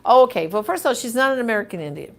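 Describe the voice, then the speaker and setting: A woman's voice: on the high side, animated, racing, gravelly. A woman hosting a live question-and-answer show, reading viewer comments and answering in an emphatic, indignant, chatty way.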